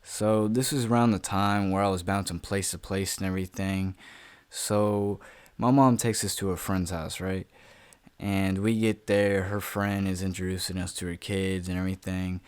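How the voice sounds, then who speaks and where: A man's voice: low voice, flat delivery, moderate pace, darkish tone, smooth, no room sound. A young man telling a personal story on his vlog in a loose, rambling way, full of fillers, casual swearing and self-mocking laughs, recorded at home.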